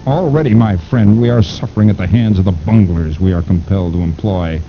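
A man voicing a sinister, aged criminal mastermind who speaks in a slow, measured, commanding way. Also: vocal fry. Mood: scheming. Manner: slow, measured, imperious delivery. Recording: dull lo-fi recording with rumble.

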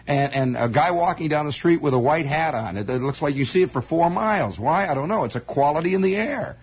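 A man's voice: a little high, lively intonation, brisk, slightly rough. A man telling a long, digressive story on the radio in a folksy manner, chuckling as he goes and often restarting his sentences. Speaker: radio host. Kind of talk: rambling radio storytelling monologue. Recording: dull lo-fi vintage radio broadcast.

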